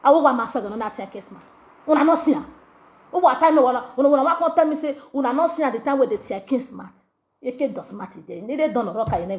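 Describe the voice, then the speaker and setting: A woman's voice: on the high side, dull audio. A woman with a Nigerian Pidgin accent hosting a gossip show, talking in a brash, mocking way and switching languages. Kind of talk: animated gossip commentary.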